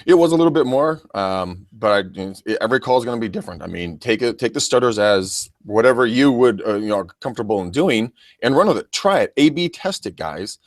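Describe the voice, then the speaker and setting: A man's voice: mid-range voice, animated, a little fast, few pauses, no echo. A man coaching real estate agents in a casual podcast, chatty and full of restarts. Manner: chatty, stammering, addresses listeners as guys.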